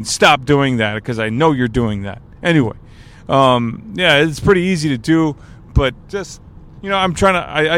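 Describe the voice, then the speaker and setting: A man's voice: on the high side, a bit bright. A man in his thirties from Texas hosting his podcast, rambling through a casual solo monologue with joking asides while driving, talking into a portable recorder. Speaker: podcast host. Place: in a driving car. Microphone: portable recorder with mic.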